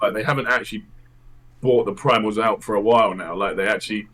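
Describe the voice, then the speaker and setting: A man's voice: fairly low pitch, steady tone, quick pace, a bit bright. A man, a podcast guest, chatting casually with many hesitant restarts. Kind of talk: casual chat.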